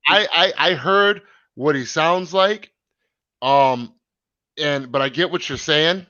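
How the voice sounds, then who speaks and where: A man's voice: on the high side, takes it slowly, sharp tone, no echo, dull audio. Rambling man hosting a live stream. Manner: rambling, many fillers and restarts. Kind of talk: casual chat reading comments.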